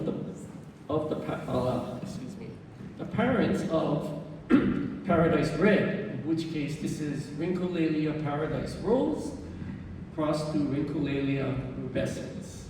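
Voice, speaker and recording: Slow-talking man lecturing in a hall. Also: lively intonation. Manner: unhurried, explanatory, with fillers and self-corrections. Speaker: orchid society speaker. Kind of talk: club presentation. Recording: roomy hall, distant mic, faint rumble.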